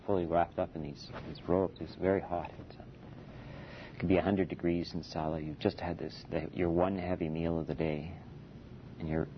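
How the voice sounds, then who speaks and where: Low, gravelly male meditation teacher with an easygoing, conversational dharma-talk delivery; dull lo-fi recording. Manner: relaxed and conversational, with many "you know"s and soft chuckles. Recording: dull lo-fi recording with faint rumble.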